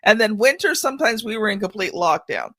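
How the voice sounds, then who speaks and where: An older woman hosting a podcast, telling stories in a chatty, animated way. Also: medium pitch, fairly quick, no room sound. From Canada. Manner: chatty storyteller, acts out children's voices. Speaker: podcast host. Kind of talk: casual chat.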